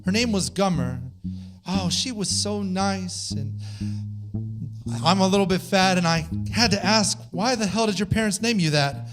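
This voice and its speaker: A man performs comic rap poetry on a small stage, his voice pitched high as he slides between speaking and singing. His delivery stays rhythmic and rhyming, and a live band plays clearly behind him. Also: a little slow, over music. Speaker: spoken word performer.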